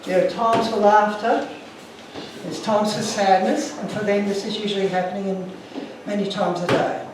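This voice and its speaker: Man giving a talk, earnest and emotional, high-pitched, recorded from afar in a reverberant room. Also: fairly even intonation, normal speed, background noise. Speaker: speaker. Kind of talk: illustrated talk to an audience. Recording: echoey room from far off.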